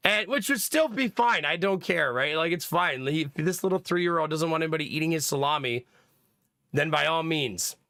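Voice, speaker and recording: A man's voice: a little high, expressive, moderate pace, sharp tone, dry recording, clean studio sound. A young man hosting a livestream, chatting casually to his viewers, rambling from topic to topic and laughing often. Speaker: livestream host. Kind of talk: casual stream chat.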